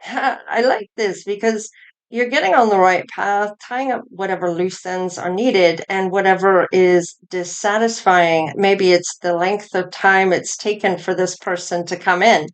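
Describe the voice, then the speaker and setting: A woman giving a collective tarot reading, musing aloud as she turns over each card. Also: mid-range voice. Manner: slow, musing, thinking aloud between cards. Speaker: tarot reader.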